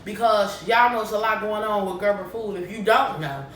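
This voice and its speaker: A woman vlogging casually to camera in a lively way, often checking in with her viewers. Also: medium pitch, normal speed. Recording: echoey room, distant mic, faint noise.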